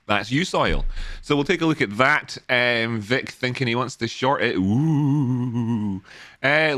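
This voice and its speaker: Bright-voiced playful man. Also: medium pitch. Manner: jokey, playful, rambling. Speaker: host of a live trading stream. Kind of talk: casual live-stream chat.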